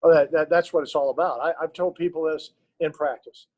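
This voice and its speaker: A man's voice: a little high, steady tone, a little fast, darkish tone, no room sound, poor audio. A middle-aged man, a basketball coach, telling stories in an interview in an earnest, emotional way with many restarts. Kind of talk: storytelling in an interview.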